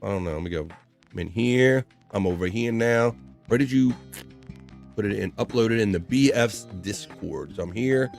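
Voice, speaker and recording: A man's voice: on the low side, normal speed, gravelly, darkish tone. Man, live show host, casual joking, reads chat aloud, faint music behind. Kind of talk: casual livestream talk.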